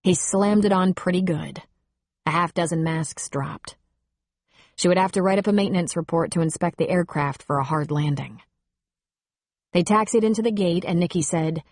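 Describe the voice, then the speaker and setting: A woman narrating an audiobook in a steady, wry storytelling manner on a close studio mic. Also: fairly low pitch, normal speed, dry recording.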